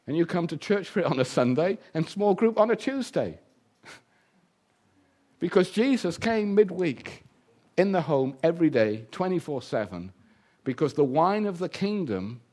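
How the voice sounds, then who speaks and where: A man preaching a sermon, lively and humorous, acting out the voices he quotes. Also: a little high, moderate pace.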